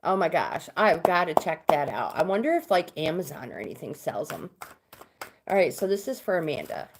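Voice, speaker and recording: A woman's voice: sits low, sing-song, fairly quick, noisy background. Middle-aged woman, chatty livestream host reading cards, casual. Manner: chatty, reads viewer comments aloud. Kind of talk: casual live chat.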